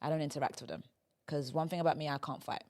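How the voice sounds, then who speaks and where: A woman's voice: sits low, quick pace, a little mellow. A young woman hosting a casual comedy podcast, playful and prone to acting out lines in silly voices. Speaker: podcast host.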